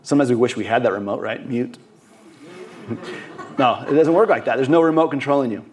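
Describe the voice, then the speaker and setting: A man's voice: medium pitch, a little fast. Earnest man preaching a sermon. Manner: earnest, repeats words and restarts often; acts out quoted voices briefly. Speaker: guest preacher.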